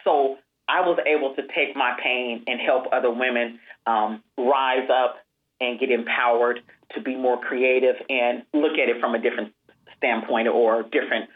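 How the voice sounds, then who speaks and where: A low-voiced woman tells her story as an interview guest. She is animated and lifts her voice to act out the people she quotes. Her voice comes through a narrow, tinny phone line. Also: normal speed. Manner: animated storyteller, acts out quoted dialogue in a higher voice. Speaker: guest, alopecia support group founder.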